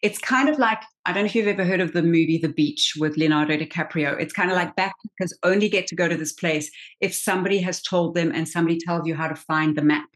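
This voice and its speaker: A woman in her forties, an actress guest telling an animated story with quick restarts in a casual interview. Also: lowish voice. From South Africa.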